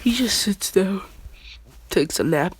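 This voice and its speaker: A young adult with a congested, mid-range voice rambles slowly and expressively through an improvised fan story, using slangy casual talk and often breaking into laughter. There's a slight hiss or hum in the recording.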